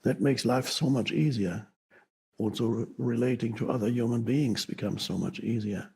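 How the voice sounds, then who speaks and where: A man giving a spiritual teaching talk, speaking slowly with pauses and halting restarts. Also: mid-range voice, vocal fry, a little mellow, a little hiss or hum, rough recording.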